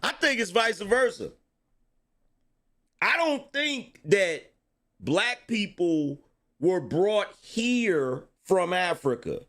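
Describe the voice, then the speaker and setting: A man hosting reaction commentary, animated and slangy. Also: sits high, drawn-out words, long pauses. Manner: animated, slangy, laughs a lot. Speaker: host reacting to clips.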